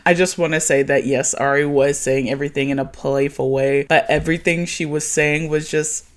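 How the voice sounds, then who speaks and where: A host recapping a reality TV episode in a casual chat, animated, laughing often and acting out what the cast said. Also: medium pitch, moderate pace. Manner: animated, laughs a lot, acts out quotes; swears freely.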